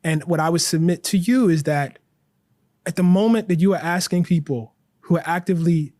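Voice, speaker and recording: A man being interviewed, speaking earnestly and growing animated, with frequent "like" and "you know" fillers. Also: a little high, a little fast, no echo. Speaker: interview guest, writer. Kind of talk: impassioned interview talk.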